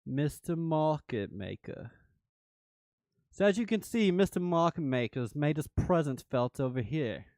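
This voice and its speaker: A man's voice: on the high side, lively intonation, a little slow, dry recording, pitched above the performer's own voice. A man putting on a hyped British crypto trader. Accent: put-on British, drifting. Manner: loud, upbeat, repeats catchphrases.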